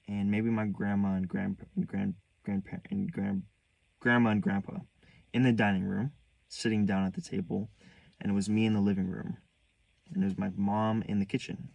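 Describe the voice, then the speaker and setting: Young male vlogger, low fry-heavy voice, dry close sound, candid halting storytelling. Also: a little mellow, no echo. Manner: halting, restarts often, earnest and hurt.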